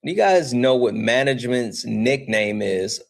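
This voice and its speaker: A young man hosting a casual livestream, talking straight to his chat and reading out donations as they come in. His voice sits at an ordinary pitch, and he keeps things loose, animated and full of offhand swearing. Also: unhurried, creaky. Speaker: livestream host.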